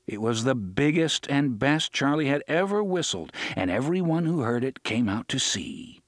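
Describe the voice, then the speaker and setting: A man reading an audiobook as narrator, with expressive, varied storytelling. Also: mid-range voice, moderate pace, no room sound, studio quality. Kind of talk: scripted narration.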